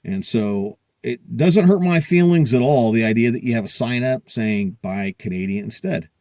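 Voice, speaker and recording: A man's voice: mid-range voice, normal speed, darkish tone, no echo, clean studio sound. A middle-aged man hosting a prepper channel, talking to camera in a blunt, profane, heated casual rant.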